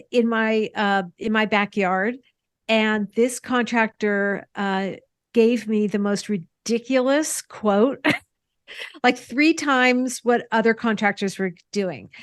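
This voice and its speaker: Lady running a panel, higher voice, laughs a lot, dry close sound. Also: dry recording. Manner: laughs often, lighthearted storytelling with fillers. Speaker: panel moderator. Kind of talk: casual panel chat.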